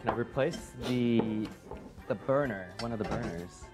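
A man's voice: on the low side, a little slow, music in the background. A man competing on a live cooking show, answering easygoing and brief. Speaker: contestant cook. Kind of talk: casual chat.

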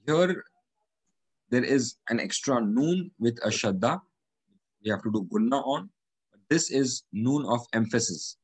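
Husky man teaching Quranic Arabic grammar. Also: mid-range voice, lively intonation, unhurried, pauses often, no room sound, poor audio. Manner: methodical, repeats each word and its meaning.

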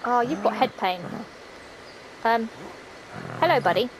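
A woman giving casual let's-play commentary, excitable and gasping, talking straight to the characters on screen. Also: fairly high pitch, measured pace, background noise. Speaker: gaming video host. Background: game music.

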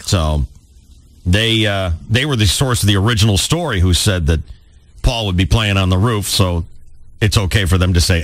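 Male radio host, wisecracking, voice on the low side, close dry studio sound. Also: normal speed, no room sound. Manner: wisecracking, sarcastic. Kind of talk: morning radio banter.

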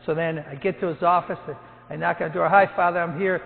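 Older priest telling jokey stories. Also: male voice, on the high side, steady tone, quick pace, gravelly. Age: 70s. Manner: storytelling, jokey, acts out quotes loudly. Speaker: priest and hospital chaplain. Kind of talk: humorous talk to a parish gathering. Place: church. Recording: tinny, with long hall echo.

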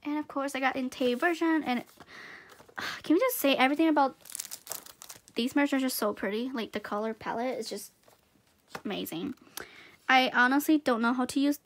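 Bubbly high-voiced woman unboxing gifts. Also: normal speed, long pauses. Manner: excitable, gushing, frequent gasps and giggles. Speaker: unboxing vlogger. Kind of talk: casual unboxing chat.

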